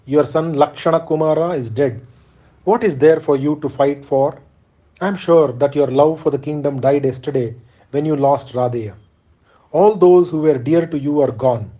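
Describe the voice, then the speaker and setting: An old, grieving warrior-teacher, read by a man in an audiobook of an epic, imploring his king with earnest urgency. The voice sits slightly high and mellow, heard through a dull, lo-fi recording. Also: lightly acted.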